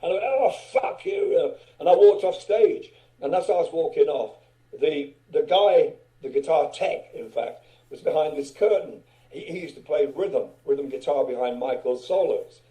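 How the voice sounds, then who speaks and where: A man's voice: on the high side, moderate pace, mellow, poor audio. An older man, a guest musician, telling loose anecdotes in a casual interview, swearing and chuckling as he goes.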